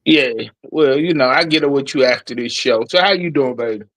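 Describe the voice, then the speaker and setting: A man's voice: mid-range voice, a little fast, fairly bright tone, no echo, rough recording. A man calling into a casual talk show, talking in a blunt, slangy, cynical way. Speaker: caller. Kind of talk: casual call-in chat.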